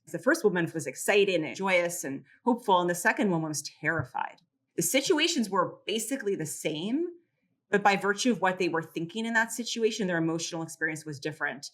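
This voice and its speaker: A middle-aged woman psychologist explaining coping tools calmly and clearly in a podcast interview. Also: on the low side. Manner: calm, measured, teacherly explanations. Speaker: psychologist and caregiver clinic founder.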